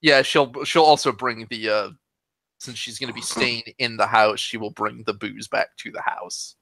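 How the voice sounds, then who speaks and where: A man's voice: medium pitch, steady tone, moderate pace, gravelly, a bit bright, no echo. A man playing a tabletop game, chatty and thinking aloud about his character's moves. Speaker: player.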